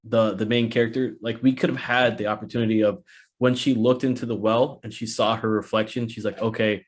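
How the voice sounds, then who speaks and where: Low-voiced man, earnest and measured. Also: level tone. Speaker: podcast guest. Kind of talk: casual chat.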